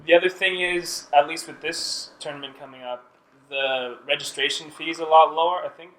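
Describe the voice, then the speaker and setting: A man's voice: fairly high pitch, steady tone, moderate pace, a bit bright, reverberant, poor audio. A Canadian man, a podcast guest, chatting casually and chuckling often. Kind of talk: casual chat.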